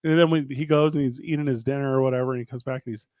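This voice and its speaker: A man's voice: medium pitch, fairly even intonation, racing, darkish tone, clear, resonant tone, no room sound. A man in his thirties, co-host of a talk show, telling stories casually and acting out both sides of conversations with frequent laughs. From St. Louis area, Missouri. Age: 30s. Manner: chatty storyteller, acts out both sides of dialogue, laughs often. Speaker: podcast co-host and wrestling promotion co-owner. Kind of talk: casual chat.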